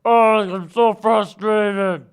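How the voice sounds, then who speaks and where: A man's voice: sits high, steady tone, extremely slow, clean tone, heavily acted. A man doing an impression of a frustrated star football quarterback, complaining in a whiny, exasperated way. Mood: frustrated whining.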